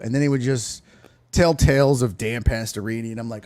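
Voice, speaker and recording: A man's voice: mid-range voice, fairly quick. A man, a comedian and sports talk host, telling a crude story as a guest in casual chat. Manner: profane, animated storyteller.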